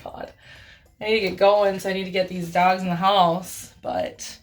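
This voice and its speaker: A woman talking casually in a home vlog, chatty and offhand, now and then coaxing her dogs in a high voice. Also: flat delivery, normal speed, faint music behind. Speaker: vlogger and pet owner. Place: home, then car and vet office.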